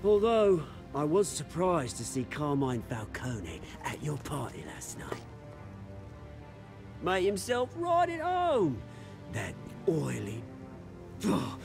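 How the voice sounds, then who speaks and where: Casting: a gravelly, high-pitched villain, theatrical and menacing, game score behind. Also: male voice, wildly swooping pitch, slow, heavily acted. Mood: scornful. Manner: menacing, theatrical, swings between loud and hushed. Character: scheming male crime boss with British accent. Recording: game audio with music underneath.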